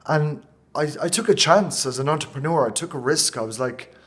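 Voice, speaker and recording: A man with an Irish accent, a company founder answering interview questions in a passionate, emotional way, with quick bursts and many restarts. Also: a little high, fairly bright tone. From Ireland. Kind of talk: interview conversation.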